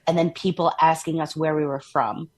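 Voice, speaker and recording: A Minnesota woman with a low, darkish voice co-hosts a podcast, speaking at a moderate pace with fairly even intonation. Her Minnesotan accent comes through as she chats in a casual, upbeat way, laughing often and dropping plenty of "like" fillers.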